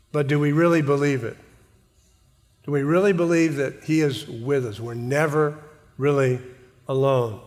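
A man preaching a sermon in an earnest way, repeating words as he goes and calling out to the congregation for an amen. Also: mid-range voice. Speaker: pastor. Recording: long hall reverb.

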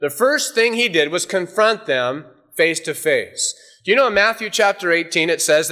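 Guy preaching a sermon, bright slightly high voice, goes animated then hushed and intense. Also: normal speed. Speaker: pastor.

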